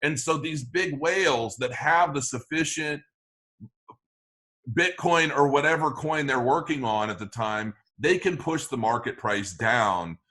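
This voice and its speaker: Bright-voiced man, rambling interview guest. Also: mid-range voice, lively intonation, unhurried. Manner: rambling, frequent restarts and fillers. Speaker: crypto channel guest. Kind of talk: conversational interview.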